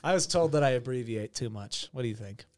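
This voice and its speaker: A man's voice: mid-range voice, lively intonation, fast, darkish tone. A young man hosting a casual podcast, rambling through stories with a lot of swearing and a mock-official tone. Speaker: podcast host. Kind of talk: casual chat.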